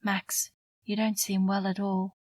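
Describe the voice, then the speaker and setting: A woman's voice: medium pitch, normal speed, no echo, close to an everyday voice. A woman narrator voicing a caring, resourceful young woman in an audiobook, speaking with concern. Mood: worried. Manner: careful, concerned.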